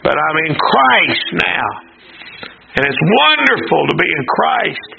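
An older man preaching a sermon, calling out questions to the congregation and rising to impassioned shouts. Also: fairly high pitch, very animated, unhurried, gravelly, slight background noise. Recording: tinny phone-like recording.

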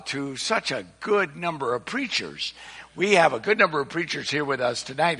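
With a medium-pitched voice that is gravelly, husky, pushed and bright, an older visiting preacher gives a folksy, earnest sermon whose emphasis keeps rising. He is in a church sanctuary, recorded in an echoey hall with long reverb.

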